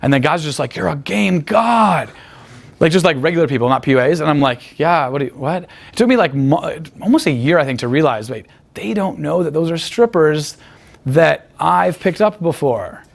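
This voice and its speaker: Fast-talking crude, boastful man. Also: a little high, lively intonation, creaky. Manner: crude, profane, rambling storytelling. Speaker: guest talking about picking up women. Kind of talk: casual interview talk.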